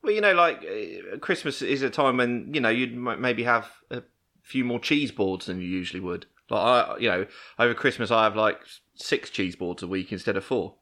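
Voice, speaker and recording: A man's voice: lowish voice, expressive, normal speed, sharp tone. A man co-hosting a casual podcast chat, teasing with dry humor. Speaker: podcast co-host.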